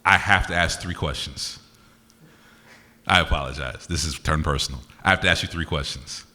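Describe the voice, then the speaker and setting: A deep-voiced man works the crowd at a live show, teasing audience members with quick banter. His tone is bright and forceful, and his voice rings out in a reverberant hall. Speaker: performance poet. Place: university concert venue.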